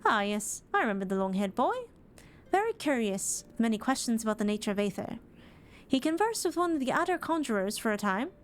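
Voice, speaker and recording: A woman's voice: a little high, sing-song, a little fast. A woman doing a prim conjurer with a put-on British accent. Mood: recalling. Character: formal, mild-mannered conjurer.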